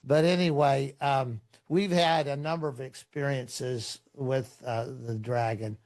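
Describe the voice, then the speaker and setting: A man's voice: medium pitch, slow. Rambling storytelling pastor, a man. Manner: relaxed, rambling, with frequent fillers and restarts. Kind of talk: conversational storytelling in a podcast interview.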